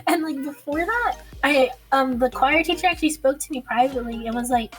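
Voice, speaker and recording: High-voiced young woman telling a rambling story. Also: animated, normal speed, faint music behind, low-quality recording. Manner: rambling, swears and laughs often. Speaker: podcast co-host. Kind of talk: casual chat, storytelling.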